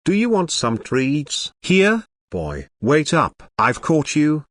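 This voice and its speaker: A man reading a comic aloud, voicing a clever young girl princess in a plain, lively way. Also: a little high, slow, full character voice. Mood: curious.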